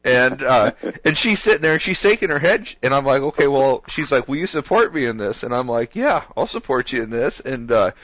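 A man hosting a casual talk show, telling an animated story and laughing along as he goes. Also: mid-range voice, fairly quick, few pauses, dry recording, lo-fi sound.

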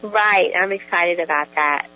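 A woman's voice: lowish voice, measured pace, sharp tone. A woman guest on a radio ministry show, talking with joy and enthusiasm, often laughing. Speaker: guest in deliverance ministry training. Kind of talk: casual radio conversation. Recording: dull lo-fi radio sound.

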